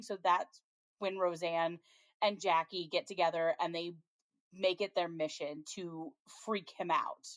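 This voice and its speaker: Chatty woman, low voice, very dry sound. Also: fairly bright tone, no room sound. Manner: chatty, frequent ums, laughs while retelling scenes. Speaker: podcast co-host. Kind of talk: casual chat, recapping a TV episode.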